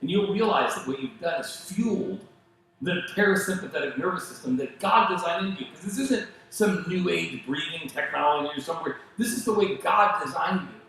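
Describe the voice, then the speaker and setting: A male pastor preaching a sermon, telling stories in an animated way and acting out the voices of the people he quotes. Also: on the high side, fairly quick, creaky, heavy reverb, poor audio. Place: church sanctuary.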